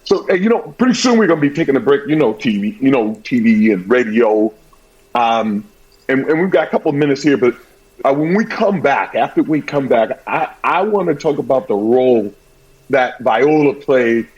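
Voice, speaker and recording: A man from the American South hosting a sports talk show, telling stories in an energetic, jokey way. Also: mid-range voice, normal speed, muffled recording. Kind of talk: casual talk show chat.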